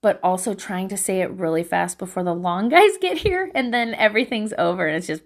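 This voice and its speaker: A woman in her thirties chatting casually to camera at home, animated and swearing, acting out voices as she tells stories. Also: medium pitch, brisk. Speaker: vlogger giving life advice.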